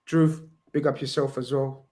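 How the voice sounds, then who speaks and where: Brief: male co-host, casual live stream banter, playful and animated, mid-range voice. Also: mid-range voice, normal speed. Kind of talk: casual live stream chat, reading super chats.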